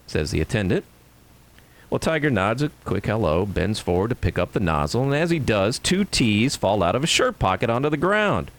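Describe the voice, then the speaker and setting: A man's voice: on the low side, big pitch swings, normal speed. A man telling a joke as a narrated story, acting out the characters' lines. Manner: narrates a joke with acted dialogue voices. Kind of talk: reading a joke aloud.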